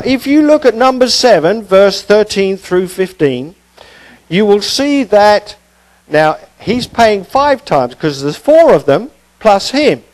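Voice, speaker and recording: A man's voice: high voice, poor audio. A male preacher giving a conversational expository sermon, with casual asides and rhetorical questions.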